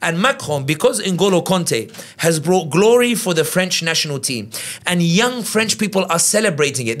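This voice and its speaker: Guest commentator, male, UK-born, fairly high-pitched, animated delivery that slips into quoted voices. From United Kingdom. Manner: animated, quick, acts out quotes in other voices. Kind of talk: conversational analysis.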